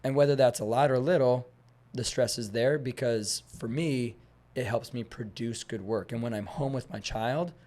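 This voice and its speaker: A young adult man chatting as a podcast guest at a mid pitch. He tells stories with lively energy and acts out what people said. He wanders a bit, restarting sentences as he thinks aloud. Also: normal speed. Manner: animated storyteller, acts out dialogue; rambling with frequent restarts and fillers. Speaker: guest, fitness instructor. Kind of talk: casual podcast conversation.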